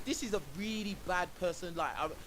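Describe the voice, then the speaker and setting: A man's voice: high voice, a little fast. A man streaming and reacting to a clip, ranting indignantly and saying "bro" a lot. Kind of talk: reaction commentary on a livestream. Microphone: own microphone. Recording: faint hiss.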